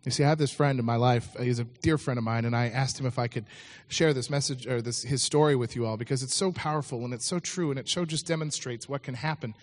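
Man, preacher, storytelling sermon, conversational, mid-pitched voice, frequent restarts. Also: quick pace, hardly any pauses.

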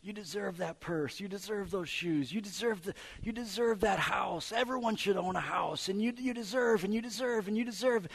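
A high, coaxing tempter voice, put on by a man preaching. It wheedles insistently, pressing the same urging again and again. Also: moderate pace, creaky, hardly any pauses, rough recording. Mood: wheedling.

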